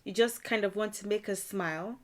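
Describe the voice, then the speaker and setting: A woman teaching a language lesson in a relaxed, chatty way, often saying "you know" and laughing. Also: mid-range voice, brisk. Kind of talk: casual explanatory lesson.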